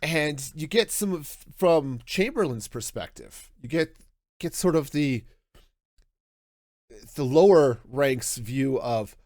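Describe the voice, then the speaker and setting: A man hosting a podcast, talking through a book review in a casual, animated way, often restarting his sentences. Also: on the high side, takes it slowly, no room sound, clean studio sound. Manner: animated, self-interrupting with restarts and laughs. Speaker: podcast host.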